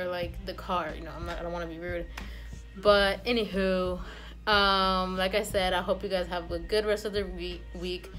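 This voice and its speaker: A woman's voice: on the low side, a bit bright. A woman in her twenties chatting casually to camera in a vlog, rambling with fillers and laughing easily. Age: 20s. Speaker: vlogger.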